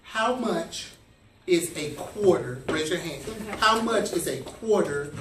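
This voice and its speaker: A man teacher reading a storybook aloud to his class in an animated, playful way, stopping to quiz his listeners. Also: fairly high pitch, takes it slowly. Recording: echoey classroom from far off, with noise.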